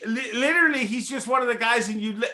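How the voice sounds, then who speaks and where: A man co-hosting a podcast, telling a story in animated casual chat, stumbling over words as he goes. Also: extremely high pitch, quick pace. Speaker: podcast co-host.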